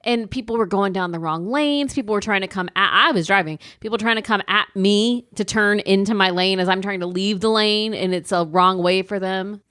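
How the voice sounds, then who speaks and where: A woman co-hosting a podcast in casual chat, quick to agree and add details. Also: medium pitch, a bit bright, smooth, no room sound, studio quality. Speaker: podcast co-host.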